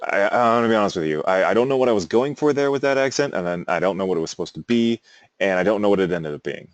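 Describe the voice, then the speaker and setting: Male teacher, low voice, dry close recording, relaxed and chatty with digressions. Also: fast, no echo, muffled recording. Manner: casual, rambling, self-amused asides. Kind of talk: classroom lecture.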